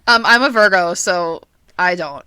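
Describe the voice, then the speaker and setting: A woman's voice: lowish voice, unhurried, over a noisy crowd. A young woman co-hosting a podcast in casual chat, giggly and swearing freely. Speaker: podcast co-host.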